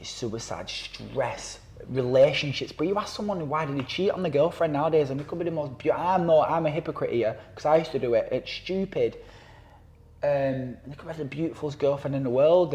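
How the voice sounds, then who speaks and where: A man, a campaigner talking casually on a podcast, rambling with fillers and restarts and acting out quotes in voices. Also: mid-range voice. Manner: animated storyteller who acts out quotes in voices. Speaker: anti-knife-crime campaigner and guest.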